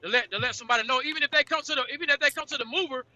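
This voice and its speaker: Defensive man talking fast and stammering. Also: extremely high pitch, bright, forceful tone, dry recording, dull audio. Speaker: guest caller. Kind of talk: heated argument.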